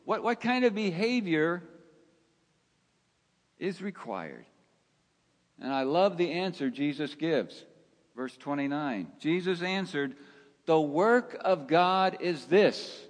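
Slow-preaching man in a reverberant hall. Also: on the high side, very animated. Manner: slow, emphatic preaching with rhetorical questions. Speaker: pastor. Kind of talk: sermon.

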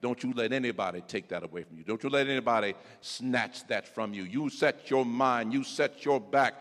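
A male pastor preaching a sermon in a church. He calls out to members of the congregation by name and breaks into shouts. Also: medium pitch, moderate pace. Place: church sanctuary. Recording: echoey church sanctuary.

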